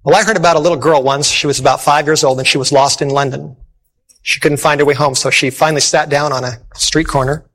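A man's voice: on the high side, steady tone, fast, fairly bright tone, rough recording. A man preaching a sermon, emphatic, repeating phrases and calling to the audience for amens.

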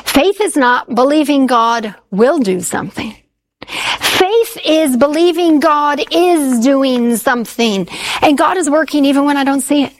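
A woman preaching a sermon, quoting scripture and slowing down to stress key words. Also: high voice. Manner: expressive, slows down for emphasis when quoting scripture.

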